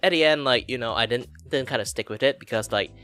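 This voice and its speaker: A man in his thirties from Malaysia chatting casually, jumping between low and high voices to show them off. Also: quick pace, bright, forceful tone, smooth, faint music behind. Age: 30s. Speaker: VTuber guest or co-host. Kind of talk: casual chat.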